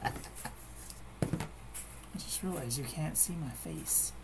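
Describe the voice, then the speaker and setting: A woman's voice: sits low, slow pace, creaky, heavy background noise. A woman chatting casually while she crafts at home, rambling and meandering, with frequent restarts. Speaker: crafting vlogger.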